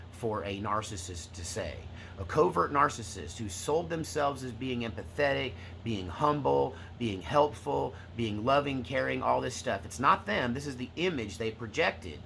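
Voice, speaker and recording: A man's voice: medium pitch, vocal fry, a bit bright, slight background noise. A man hosting his own channel, talking casually and acting out examples as he explains. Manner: conversational, acts out examples. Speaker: channel host. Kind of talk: casual talk to camera.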